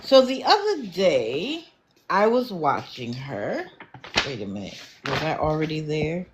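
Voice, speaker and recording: A woman's voice: low-pitched, very animated, unhurried, background noise. A woman doing casual livestream commentary, blunt and lecturing, with an exasperated edge. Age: adult, not young.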